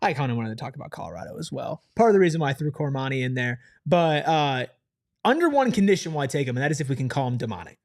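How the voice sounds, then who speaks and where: A man's voice: medium pitch, big pitch swings, fast, a little mellow. A man, the show's producer, joking along in casual sports talk. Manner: jokey, laughing along. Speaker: show producer and co-host.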